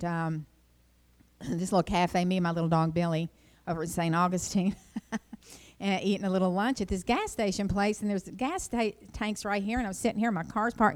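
A middle-aged woman giving an informal devotional talk, telling rambling personal stories and jumping high in pitch when she quotes herself. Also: steady tone, a little fast. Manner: chatty, rambling storyteller, jumps up high when quoting herself. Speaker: Christian speaker.

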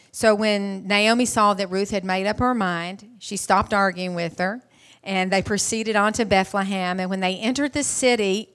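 A middle-aged woman, a mother, preaches a casual Mother's Day sermon. She retells a Bible story in a chatty way, often restarting her words and clearing her throat. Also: mid-range voice, steady tone, normal speed.

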